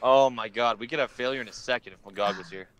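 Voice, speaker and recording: A man's voice: mid-range voice, fast talker, over a noisy crowd. A man co-hosting a live voice-chat stream, drawling and joking in casual chat. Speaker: stream co-host.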